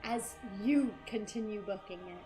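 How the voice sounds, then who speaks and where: A woman narrating a tabletop game as dungeon master, describing scenes in an unhurried way and often giggling. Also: medium pitch. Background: faint game music.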